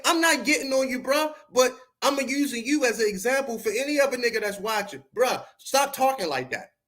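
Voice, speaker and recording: Confrontational, high-voiced podcast host. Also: male voice, a bit bright. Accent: Baltimore. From Baltimore. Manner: confrontational, profane, preachy street talk. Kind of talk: heated livestream rant at chat.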